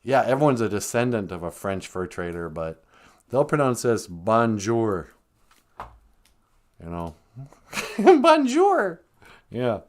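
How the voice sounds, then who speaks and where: A man's voice: expressive, a little mellow. A man doing a sing-song old Minnesotan granny. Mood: chatty. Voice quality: sing-song, swooping pitch, slow drawl. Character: chatty old Ojibwe grandmother, teasing and silly. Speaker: live-stream host. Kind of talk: comedic live-stream character act.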